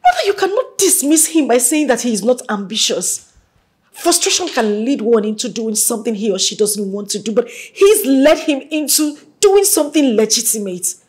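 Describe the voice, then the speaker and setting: A woman's voice: a little high, animated, normal speed, a little mellow, close to an everyday voice. An actress with a Nigerian English accent playing a young woman who argues with her mother and begs to keep the man she loves. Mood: arguing. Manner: pleading, emotional. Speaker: daughter.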